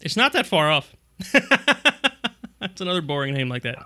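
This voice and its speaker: A man's voice: fairly high pitch, big pitch swings, moderate pace, pushed and bright, smooth. A middle-aged man co-hosting a casual tech podcast, rambling and restarting his sentences with frequent chuckles. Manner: rambling, self-interrupting, chuckling. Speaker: podcast co-host.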